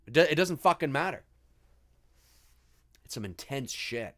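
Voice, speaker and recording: A man's voice: medium pitch, very animated, normal speed, fairly bright tone. A man hosting a live movie commentary stream, talking in a rambling, easygoing way and swearing freely.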